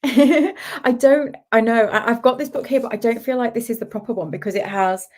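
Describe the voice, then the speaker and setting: A woman's voice: on the high side, moderate pace, darkish tone. A woman hosting a casual livestream, reading out viewer comments, laughing often and greeting people by name. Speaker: livestream host, art community founder.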